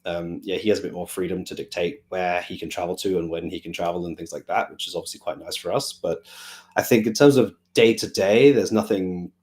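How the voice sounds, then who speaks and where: A man answering fan questions in a relaxed, rambling way, with many fillers as he thinks aloud. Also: low voice, a little fast. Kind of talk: casual Q&A chat.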